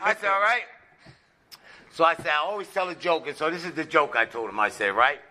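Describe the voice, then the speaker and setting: A man sharing his recovery story at a meeting, telling it as a lively tale and checking in with "right?" as he goes. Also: fairly high pitch, a little fast. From United States. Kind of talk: personal testimony with jokes.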